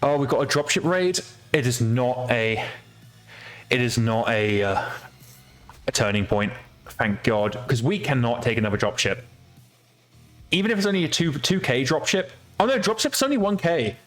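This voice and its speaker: A man's voice: mid-range voice, animated, normal speed, pauses often, faint music behind. A man streaming a video game, chatting casually, swearing freely and laughing at his own mistakes. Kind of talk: casual let's-play commentary.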